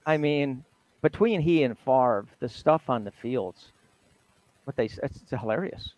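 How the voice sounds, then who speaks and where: A man's voice: mid-range voice, unhurried, dry recording. An older man, a retired athletic trainer, telling stories as an interview guest and often laughing. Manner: animated storyteller, laughs often, mimics others. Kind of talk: casual storytelling interview.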